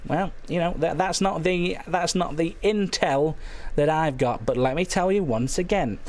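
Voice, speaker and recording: Guy hosting a silly phone-in stream, bit hoarse, higher voice, deadpan absurd rambling. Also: moderate pace. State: slightly hoarse. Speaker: phone-in show host. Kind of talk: comic late-night phone-in banter.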